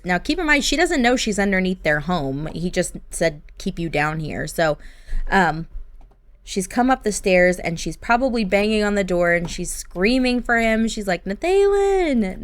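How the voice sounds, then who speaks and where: Slow, gentle woman telling a game story. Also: on the low side, no room sound. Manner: slow, gentle, sympathetic narration. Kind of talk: narrating life-sim gameplay as a story.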